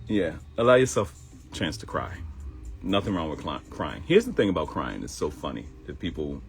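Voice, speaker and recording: A man's voice: rumbling low, wildly swooping pitch, moderate pace, gravelly, soft background music. A man hosting a live morning show, giving advice in a conversational, joking way. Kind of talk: casual livestream monologue.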